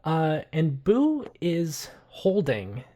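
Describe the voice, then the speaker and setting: A man narrating a tabletop game as game master, unhurried and full of filler words. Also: fairly high pitch, wildly swooping pitch, mellow.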